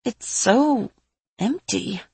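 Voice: mid-range voice, animated, very slow, creaky, mellow, breathy edge, dry recording, voice pushed up, full character voice. Brief: timid, shaky young companion, read by a woman, storybook. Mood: uneasy.

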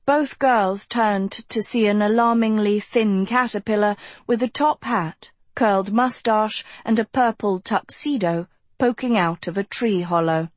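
A woman narrating a storybook in a measured, steady way, close to a studio mic. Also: mid-range voice, no room sound. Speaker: audiobook narrator.

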